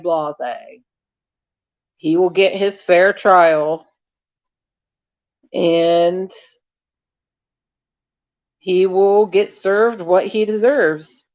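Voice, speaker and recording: Woman, casual vlog chat, rambling, slow, dull recording. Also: medium pitch, no echo. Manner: chatty, rambling, talks to her cat between thoughts. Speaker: vlogger.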